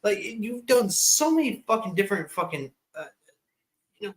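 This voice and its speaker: A man's voice: sits high, very animated, moderate pace, rough recording. A drunk man in his twenties, a livestream guest, ranting heatedly and swearing constantly in casual chat. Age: 20s.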